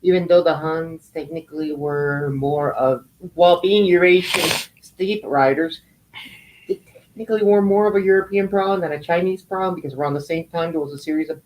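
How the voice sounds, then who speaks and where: A man's voice: on the high side, moderate pace, darkish tone, low-quality recording. A man hosting a casual podcast, rambling off into long historical tangents. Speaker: podcast host.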